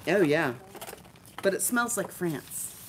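A woman's voice: lowish voice, expressive, slow, slight background noise. Chatty woman hosting a live art show. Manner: chatty, enthusiastic, jokes with co-hosts. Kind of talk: casual live-stream product showcase.

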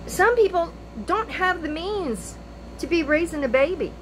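A woman's voice: very high voice, expressive, a little slow, a little hiss or hum, rough recording. An older woman and grandmother talking straight to her viewers in an emotional, pleading opinion monologue, repeating her phrases. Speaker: vlogger.

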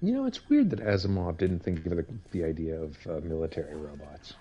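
A man's voice: low voice, sing-song, brisk, dark tone, husky. A man chatting casually during a co-op game, making dry, wry remarks. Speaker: co-op gaming partner. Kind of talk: casual chat while gaming.

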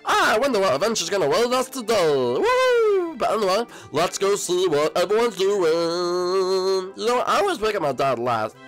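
A man's voice: wildly swooping pitch, normal speed, a bit bright, faint music behind, full character voice. A young man voicing Bowser Junior, a cheerful boy prince, in a Minecraft role-play, whooping now and then. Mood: cheery. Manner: upbeat, bursting into high whoops.

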